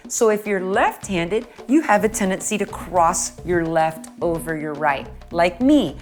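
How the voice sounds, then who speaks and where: A woman's voice: on the low side, expressive, measured pace, faint music behind. A middle-aged woman leading a children's stretching lesson. She talks in an encouraging, playful way and praises often. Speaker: children's music and movement teacher. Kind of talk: guided stretching instruction for kids.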